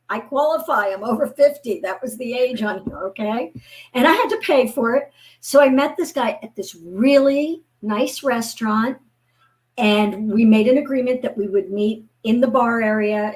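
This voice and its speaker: A guest author in her fifties, her voice a little high, chats casually. She tells lively stories and acts out the voices of the people she quotes.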